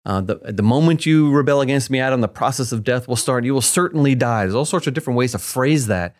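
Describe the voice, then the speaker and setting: Male co-host, mid-pitched, emphatic and playful explainer of scripture. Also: quick pace. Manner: lively, emphatic, playful asides. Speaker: co-host of a Bible teaching show. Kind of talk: conversational Bible discussion.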